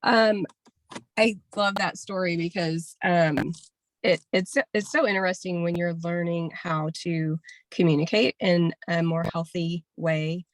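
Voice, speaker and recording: A woman's voice: lowish voice, steady tone, a little slow, no echo. A woman on a video call telling a candid personal story in a chatty way, often laughing. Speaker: workshop participant.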